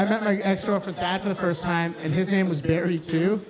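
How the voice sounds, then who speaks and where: Barely pausing, a man whose voice sits high and varies little in pitch talks a little fast through a live bar stand-up set. His delivery is crude and rambling, with frequent mid-sentence cutoffs over crowd noise and laughter.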